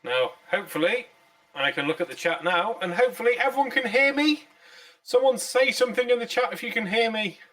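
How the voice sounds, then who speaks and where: A man's voice: extremely high pitch, lively intonation, fairly quick, fairly bright tone, far from the mic. A man hosting a casual live stream, chatty and jokey, swearing freely, a few pints in. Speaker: streamer host.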